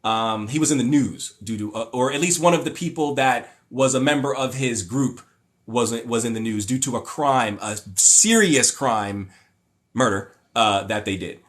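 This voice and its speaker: A man's voice: mid-range voice, moderate pace, a bit bright. Young adult man, livestream host, casual chat, rambling, opinionated, lots of fillers and restarts, reads comments aloud. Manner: mocking voices when paraphrasing others.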